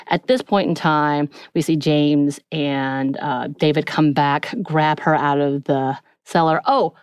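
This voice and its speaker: A woman's voice: deep voice, a little mellow, clear, resonant tone, no echo. A young woman co-hosting a podcast, casually recapping a story and acting out the characters' lines. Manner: retells scenes, acting out character quotes. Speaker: podcast co-host.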